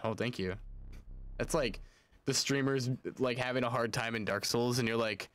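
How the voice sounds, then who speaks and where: A man streaming a video game, talking casually in an excitable, profane way. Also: mid-range voice, no room sound. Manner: excitable and profane, quick to swear. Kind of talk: casual gaming commentary.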